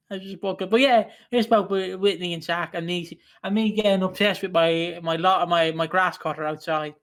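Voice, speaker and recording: A man's voice: high-pitched, fairly even intonation, moderate pace, a bit bright. A man from Britain co-hosting a casual podcast, telling stories in a rambling way and laughing often. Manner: giggly, rambling storyteller. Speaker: podcast co-host. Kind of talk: casual chat.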